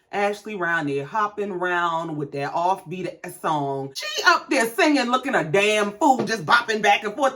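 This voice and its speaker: A woman's voice: on the high side, a bit bright. Blunt, profane woman recapping TV. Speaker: reality TV recap host. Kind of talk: casual TV recap commentary.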